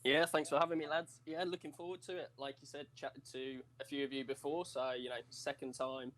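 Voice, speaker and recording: A man's voice: medium pitch, level tone, brisk, fairly bright tone. A laid-back man joking casually as a guest on a video call.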